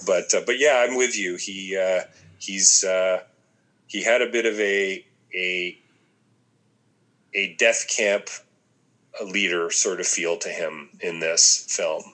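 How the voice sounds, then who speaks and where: A man with a very low voice that still carries a bright, forward edge. He muses aloud in relaxed conversation, pausing and restarting as he gathers his thoughts. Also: poor audio. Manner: reflective, thinks aloud with many ums and restarts. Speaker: podcast co-host discussing a film. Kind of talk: casual conversation.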